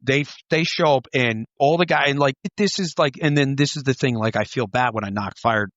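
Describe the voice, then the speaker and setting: A man's voice: mid-range voice, fairly quick, a bit bright, dry recording, highs cut off. A man, a former police officer, telling stories in a rambling casual chat, swearing and saying "like" and "dude" a lot.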